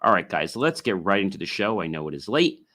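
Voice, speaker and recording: Low-voiced man hosting a solo podcast. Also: very animated, bright, forceful tone. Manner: chants drawn-out oms in demonstration; loose, filler-heavy, repeats himself. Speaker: podcast host. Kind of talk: casual solo podcast talk.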